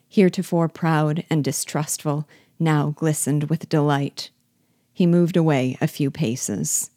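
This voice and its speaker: Brief: woman audiobook reader, low register, steady literary narration, dead-dry sound. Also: no echo. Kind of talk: measured literary reading.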